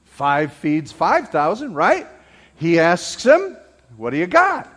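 A male pastor preaching in a church hall, his voice sitting high and leaping up and down as he drives home his points. He peppers the congregation with rhetorical questions and pushes toward a shout at the peaks. Long reverb trails every line. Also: huge pitch swings, slow pace. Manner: raises voice to near shouting at peaks. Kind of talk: sermon.

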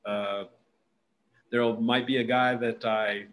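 A man's voice: medium pitch, little pitch movement, takes it slowly, a bit bright, slight background noise. A man hosting a casual interview, talking animatedly and acting out little snatches of dialogue. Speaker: podcast host.

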